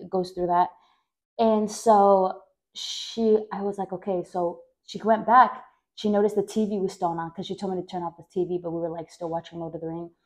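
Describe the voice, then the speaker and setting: A woman from Mexico hosting a podcast and recounting her own life story. She rambles, corrects herself mid-sentence and leans on "like" as a filler. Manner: acts out quoted voices louder and higher. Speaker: podcast host.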